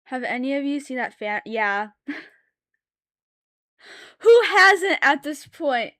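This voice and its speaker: A young woman streaming while she draws, rambling and thinking aloud, with sudden loud, excited bursts. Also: sits high, slow. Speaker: art streamer. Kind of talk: casual live-stream chat while drawing.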